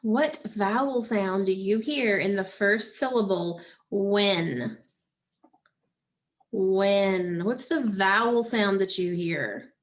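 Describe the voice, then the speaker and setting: A woman teaching a phonics lesson, prompting children patiently and pausing for their answers. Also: medium pitch.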